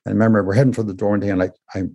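An older man with a husky, breathy voice and a mellow tone tells his life story in an interview. He retells events animatedly and often tags his phrases with "eh?". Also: lowish voice, level tone, very fast, dull audio. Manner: says "eh?" at ends of phrases. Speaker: guest telling his story. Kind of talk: emotional personal storytelling.

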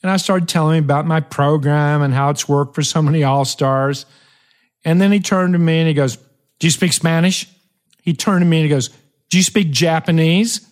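A man hosting a motivational podcast, telling a story emphatically with dramatic pauses and shifting pace. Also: on the high side. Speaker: podcast host.

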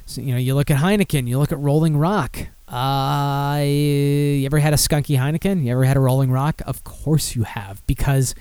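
A man's voice: medium pitch, steady tone, normal speed, a little mellow, clear, resonant tone, dry recording. Rambling man hosting a beer podcast. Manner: rambling, swears, reads listener comments aloud. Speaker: podcast host. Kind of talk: casual beer podcast chat.

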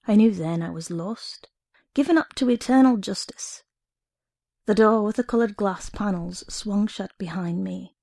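A woman reading a short story aloud in an expressive first-person narration. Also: mid-range voice, measured pace, gravelly, no room sound, studio quality.

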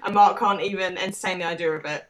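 Wry, low-voiced female podcast co-host. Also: steady tone, fast talker, slight background noise. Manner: wry, amused, adds dry asides. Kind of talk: casual recap chat.

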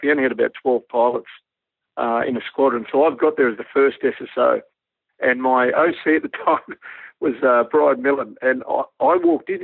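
Australian ex-Army pilot guest, gravelly, self-deprecating yarn-spinner, dry tinny line. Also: male voice, mid-range voice, no room sound. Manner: relaxed, self-deprecating, laughs while telling stories. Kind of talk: anecdotal interview storytelling.

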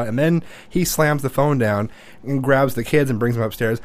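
A man's voice: mid-range voice, a little fast. A young man telling a family story in casual chat, swearing freely and acting out quotes. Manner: animated, swears freely, acts out quotes loudly.

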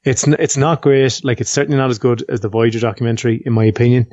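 A man's voice: mid-range voice, steady tone, quick pace, a little mellow, no room sound, muffled recording. A man co-hosting a podcast over a call, playful and teasing. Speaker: podcast co-host. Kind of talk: casual chat on a video call.

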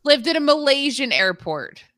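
A woman's voice: high-pitched, big pitch swings, normal speed, fairly bright tone, no room sound, studio quality. A woman co-hosting a stream, chatting casually in a playful, teasing way. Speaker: streamer co-host. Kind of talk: casual chat.

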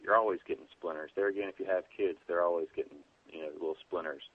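This EMT, guesting on a preparedness podcast in a casual interview, has a low, slightly rough voice and a steady tone at a quick pace. He comes through a tinny phone line with no echo. His explanations are plain and relaxed, full of fillers.

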